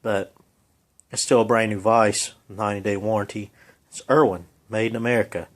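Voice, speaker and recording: A man's voice: fairly low pitch, fairly even intonation, normal speed. Rambling man in his garage. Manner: rambling, folksy, lots of ums. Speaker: home mechanic filming a repair. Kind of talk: casual how-to vlog. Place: home garage workshop.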